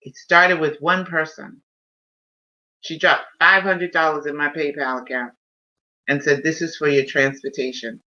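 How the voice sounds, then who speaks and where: A woman's voice: low-pitched, fairly even intonation, a little slow, sharp tone. A woman hosting a casual live stream, telling a personal story in an emotional, heartfelt way. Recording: dull lo-fi stream audio.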